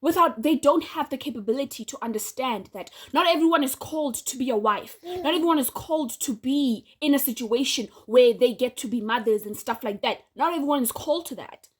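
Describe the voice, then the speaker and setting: A woman vlogging in a relaxed, opinionated way, speaking directly to her audience. Her voice sits a little on the high side. She laughs often between her points. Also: brisk, few pauses, slightly rough. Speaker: vlogger and podcaster. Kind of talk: casual direct-to-camera monologue.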